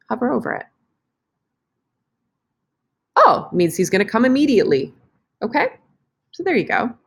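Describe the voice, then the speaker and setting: A woman's voice: medium pitch, expressive, moderate pace, long pauses. A woman teacher talking casually through an online lesson on screen, chatty and correcting herself as she clicks around. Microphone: computer mic for screen recording.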